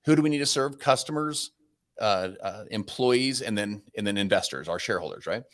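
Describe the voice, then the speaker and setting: A man in his forties, a podcast guest, telling a story in an energetic, conversational way with many restarts. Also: fairly low pitch, a little fast.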